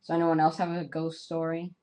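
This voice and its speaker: A host on a group voice call who mostly reacts, firing off quick exclamations and short questions. The voice sits at a middling pitch and the delivery is casual and chatty. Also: monotone, dark tone. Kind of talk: casual chat.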